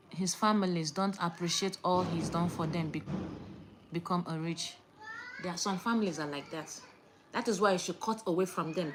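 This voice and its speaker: A young woman, lecturing viewers in a casual chat to camera and swinging between loud outbursts and hushed asides. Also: medium pitch, a little hiss or hum. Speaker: vlogger.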